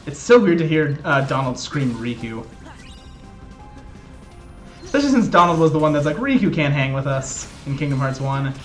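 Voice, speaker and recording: A man's voice: fairly high pitch, animated, moderate pace, long pauses, a bit bright, soft background music. A man streaming a video game, chatting casually with his chat and joking about his exercise punishments. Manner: chatty, joking, self-mocking.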